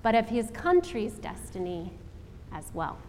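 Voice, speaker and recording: A woman preacher giving a sermon, telling the story in a slow, dramatic way with rhetorical questions. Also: a little high, big pitch swings, a little mellow. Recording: long hall reverb, faint ambience.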